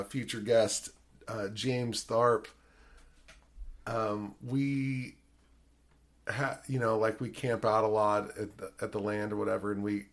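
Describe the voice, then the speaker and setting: A man hosting a podcast in casual chat, rambling with lots of fillers and frequent swearing. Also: lowish voice. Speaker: podcast host.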